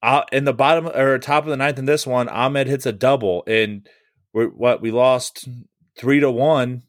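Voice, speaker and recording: A man recaps his team's games on a fan podcast in an easygoing, rambling way. He swears freely and fills pauses with "uh" and "like". The sound is dry and close. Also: mid-range voice, steady tone, dry recording. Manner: loose and profane, many fillers. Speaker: podcast co-host. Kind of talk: casual sports podcast chat.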